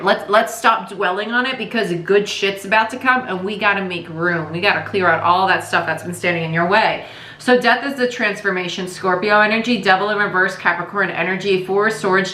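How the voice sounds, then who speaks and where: A woman's voice: medium pitch, bright, forceful tone, reverberant. A woman giving a casual, chatty tarot reading, speaking candidly and swearing now and then. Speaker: tarot reader.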